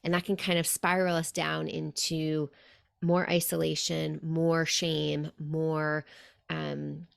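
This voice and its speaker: A woman hosting a podcast talks in a gentle, reflective way and scatters "like" through her sentences. Her voice sits a little low and has a gravelly fry. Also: little pitch movement, slow. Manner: reflective, gentle, many "like" fillers. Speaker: podcast host. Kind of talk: conversational interview.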